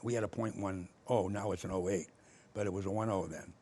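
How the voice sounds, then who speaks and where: An older man, telling stories in casual conversation and acting out both sides of old arguments with lively energy. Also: low voice, brisk. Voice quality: gravelly, husky. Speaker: former state official telling stories.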